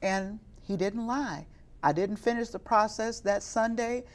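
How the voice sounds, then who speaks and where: A woman's voice: medium pitch, a little slow. A middle-aged woman from Chicago who works as a youth minister, telling her life story in an interview and rising into fervent, preaching-style passages. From west side of Chicago. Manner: earnest, rises into fervent preaching. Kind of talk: interview testimony.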